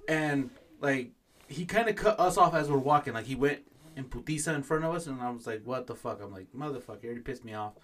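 A man on a casual podcast tells a profane, animated story. His voice sits at an ordinary middle pitch, and he switches into Spanish for quoted lines. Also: quick pace. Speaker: podcast co-host.

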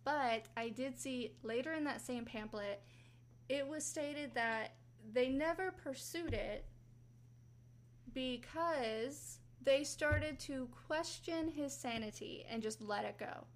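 A woman with a slightly high voice retells a true-crime story in a relaxed, chatty podcast style. She drifts between narration and quick acted-out quotes, with asides to her co-host. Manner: chatty, acts out quotes with rising pitch.

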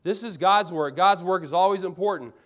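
A man's voice: sits high, fairly quick. A man preaching a sermon as pastor, earnest, asking rhetorical questions and repeating phrases for emphasis.

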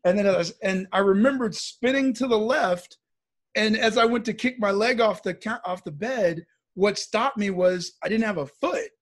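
At a moderate pace, a man from the American Midwest relates a personal story casually and conversationally. He voices the characters himself to liven it up, his voice husky and pitched high for a man.

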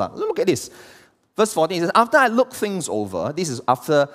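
A man's voice: a little high, very animated, fast talker, a bit bright. A man, preaching a sermon as pastor and throwing rhetorical questions at the congregation. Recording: long hall reverb.

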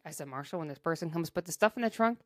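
A woman co-host chats casually and tells stories with animated energy, often breaking into laughter. Her voice sits on the low side for a woman. The recording is dry and close, on a dynamic podcast microphone. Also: rapid-fire, no room sound. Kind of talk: casual chat.

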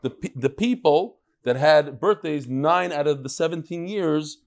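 At a measured pace, a rabbi with a high-leaning, creaky voice teaches his casual daily class to a live audience in a study hall. He jokes and banters with the room between lessons.

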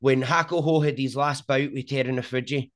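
A man's voice: mid-range voice, brisk. A middle-aged Scottish man with a strong Scottish accent, telling stories animatedly in a casual interview. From Scotland. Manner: animated storyteller, frequent "do you know what I mean". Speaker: sumo content creator.

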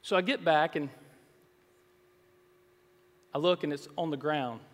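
A pastor preaching a sermon in earnest, swelling to loud, emphatic passages. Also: male voice, fairly high pitch, measured pace. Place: church sanctuary. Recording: long reverb in a large hall.

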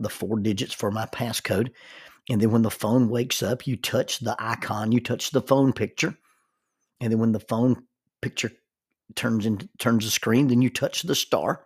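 An older man, a grandfather, telling a reflective story with halting starts and repeated words. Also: lowish voice, slightly rough. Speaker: grandfather telling life-lesson stories.

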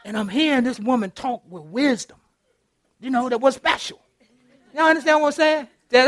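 With an extremely high pitch and no room sound, a middle-aged man preaches as pastor in church. His sermon is interactive and animated, full of laughter and call-outs to his congregation.

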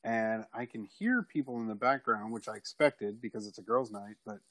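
A man's voice: lowish voice, moderate pace, no room sound, poor audio. Man spinning a rowdy anecdote, dry close sound. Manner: animated, profane, acts out quoted people loudly. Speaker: guest telling a personal story. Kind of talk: casual storytelling.

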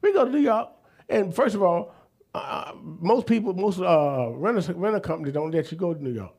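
A man, preaching a sermon and telling stories in an animated, folksy, emphatic way. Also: sits high, normal speed. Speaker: apostle preaching.

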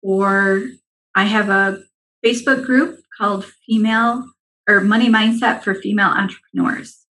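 Guest coach, woman, mid-pitched, earnest and reassuring, steady advice-giving. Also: normal speed, rough recording. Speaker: money mindset coach, guest.

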